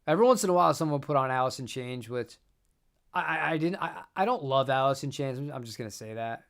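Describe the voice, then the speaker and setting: A man's voice: medium pitch, lively intonation, fast, gravelly. A man hosting a guitar channel, chatting casually on a live stream, rambling and repeating words and laughing often.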